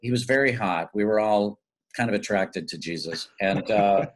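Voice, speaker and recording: A male actor telling lively, self-mocking stories in a casual interview. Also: fairly low pitch, moderate pace. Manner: animated, self-mocking storyteller. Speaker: guest actor.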